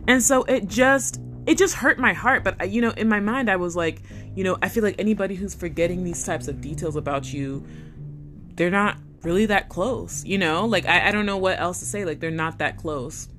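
Animated young woman telling a story. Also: lowish voice, moderate pace, soft background music. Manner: animated, swearing, acts out quoted voices. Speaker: vlogger. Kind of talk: casual storytime monologue.

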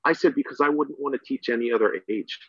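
A man's voice: medium pitch, fast, breathy edge, dry recording. A man guest, a middle school teacher and coach, rambling enthusiastically in a casual podcast conversation with many fillers. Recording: dull dry sound.

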